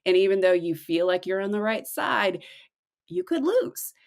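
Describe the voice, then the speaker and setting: A middle-aged woman co-hosting a casual devotional chat, slowing and softening on her reflective points. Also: very animated, creaky. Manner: acts out quoted voices with big pitch jumps. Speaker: podcast co-host.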